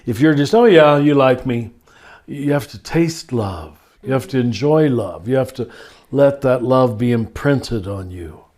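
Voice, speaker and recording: Older male spiritual teacher, podcast guest, gentle and unhurried, mid-pitched voice. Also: animated. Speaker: spiritual teacher answering listener questions. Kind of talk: reflective podcast conversation.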